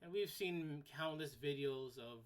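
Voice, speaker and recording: Here a solo podcast host speaks in a low-pitched voice, a little slow. She rants without softening anything and swears casually; once she's riled, words get repeated and sentences begin again.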